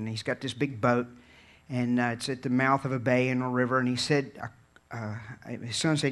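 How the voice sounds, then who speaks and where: A man from Virginia preaching a sermon in an earnest, conversational way, dropping low and quiet and then building to fervent peaks. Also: fairly even intonation, brisk. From Virginia, USA. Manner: conversational storytelling with repeated words and restarts.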